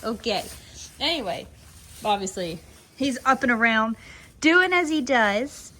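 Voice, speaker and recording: Chatty woman with a slightly high voice. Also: very animated, a little slow, long pauses, a little hiss or hum. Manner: chatty and rambling, laughing often, cooing softly to the mares and foals. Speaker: foaling attendant filming her barn. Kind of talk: casual vlog chat. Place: horse barn at night.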